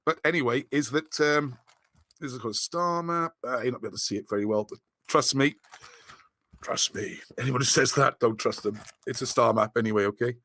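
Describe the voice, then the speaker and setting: Rambling excitable man. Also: medium pitch, fast talker, no echo. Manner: rambling, excitable, many restarts. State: losing his voice. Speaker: host of a live video chat. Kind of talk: casual livestream talk.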